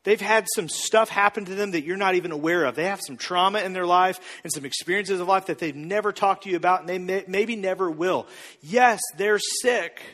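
A man preaching a sermon as a pastor, casual and joking, acting out quotes with animated energy. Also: high-pitched, fairly quick. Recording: long reverb in a hall.

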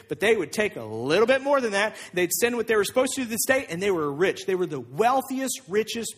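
A male pastor giving an energetic, joking, emphatic sermon. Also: high voice, breathy edge.

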